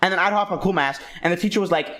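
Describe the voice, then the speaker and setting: A man telling a rambling, crude and excitable story in a casual, profane style, often restarting his sentences. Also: high-pitched, rapid-fire, a crowd in the background.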